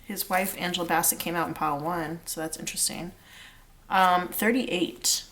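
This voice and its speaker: A woman's voice: lowish voice, fairly even intonation, normal speed, fairly bright tone. A woman giving a casual pick-a-card tarot reading, chatty and rambling with lots of fillers. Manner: chatty and rambling, many fillers, sings snatches of lyrics. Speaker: tarot reader.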